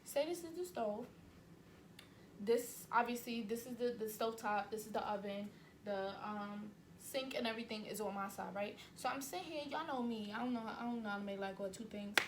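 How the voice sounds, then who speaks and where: A young woman in her twenties tells a story straight to her camera, acting out each scene as she goes. Her voice sits a little high and talks right at the viewer. A faint hiss lies under the indoor camera sound. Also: normal speed. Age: 20s. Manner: animated, acts out scenes, addresses viewers directly. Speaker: vlogger. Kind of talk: storytime vlog. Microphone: camera mic.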